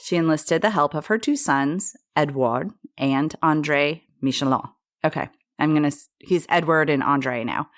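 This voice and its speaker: A woman's voice: low-pitched, expressive, moderate pace, dry recording, clean studio sound. A woman co-hosting a podcast, telling a history story in a chatty way and correcting her own slips and pronunciations. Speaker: podcast co-host.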